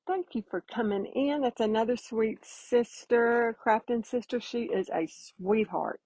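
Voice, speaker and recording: A woman's voice: on the high side, unhurried, hardly any pauses, warm tone, slightly rough, no room sound, rough recording. A woman giving a casual live painting demo, chatty and folksy, greeting viewers by name as she works. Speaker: painting instructor.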